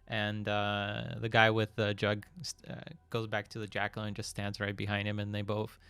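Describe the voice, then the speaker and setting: Gm guy, smooth but gravelly voice, relaxed narrating with lots of uhs. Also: on the low side, normal speed, no echo. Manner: relaxed, filler-heavy narration with chuckles. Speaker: game master. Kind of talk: narrating a tabletop game.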